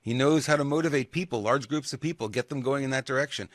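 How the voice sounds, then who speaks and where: A man's voice: mid-range voice, fast, no echo. Dry-sounding male co-host, chatty. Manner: affirms a lot, laughs at his own jokes, acts out dialogue when reading. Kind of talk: political talk show chat.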